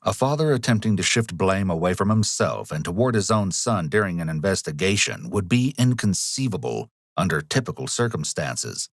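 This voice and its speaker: Low-voiced guy doing scripted narration, calm and analytical, dry close sound. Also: dry recording. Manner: measured, analytical. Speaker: documentary narrator.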